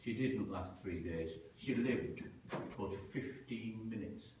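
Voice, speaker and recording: A man telling a story live, dramatic and animated, acting out the voices he quotes. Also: on the low side, takes it slowly, noisy background. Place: large museum hall. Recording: echoey hall, heard from a distance.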